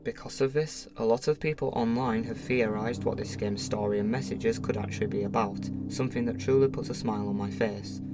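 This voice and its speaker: A man hosting a game review channel, reading a scripted review in a measured way with a slight lisp from a dental appliance. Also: on the low side, gravelly. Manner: measured, read-from-script delivery.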